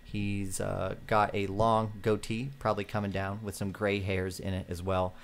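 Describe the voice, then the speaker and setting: A man narrating a tabletop western role-playing game as game master, with a slow drawling delivery. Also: lowish voice, little pitch movement, creaky.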